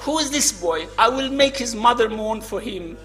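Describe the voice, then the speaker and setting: A man's voice: very high voice, expressive, moderate pace, fairly bright tone. A man reading a cruel, scornful horseman.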